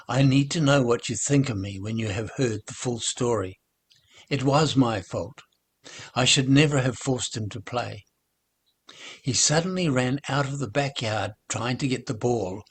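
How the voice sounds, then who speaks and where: A man voicing a sad older grandfather who speaks haltingly, with stammers and pauses. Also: mid-range voice, husky. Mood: grieving. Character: grieving older grandfather, once grumpy.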